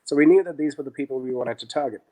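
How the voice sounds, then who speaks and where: A middle-aged man speaks at an ordinary pitch as a guest on an interview podcast. He tells his business stories casually, slipping into other voices as he quotes the people in them. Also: very fast, slight background noise. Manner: animated, acts out dialogue in quotes. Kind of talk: conversational storytelling.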